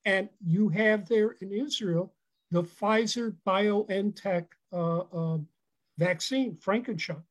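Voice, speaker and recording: A man answering as an expert guest in an interview, halting with many fillers but emphatic. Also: sits high, poor audio. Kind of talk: interview answers over a call.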